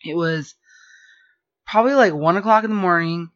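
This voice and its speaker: A woman telling a rambling story in casual podcast chat, animated and full of fillers. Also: on the low side, moderate pace. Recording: dull lo-fi podcast audio.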